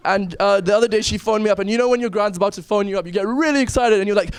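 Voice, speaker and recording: A man's voice: high voice, very fast, hardly any pauses, clean tone, no room sound. A young man in his twenties from South Africa, doing a nervous, self-deprecating stand-up comedy set. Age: 20s. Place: comedy club stage.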